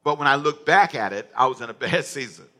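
A man's voice: mid-range voice, animated, fast talker, bright, forceful tone. A man preaching a sermon as pastor, conversational and joking, often repeating himself. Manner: conversational, repetitive, humorous asides.

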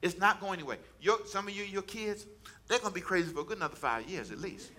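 A man's voice: sits high, expressive, fast, bright, forceful tone. A man preaching a sermon as pastor, folksy and colloquial, repeating phrases and calling on the congregation to answer back. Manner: call-and-response preaching, repeats phrases for emphasis.

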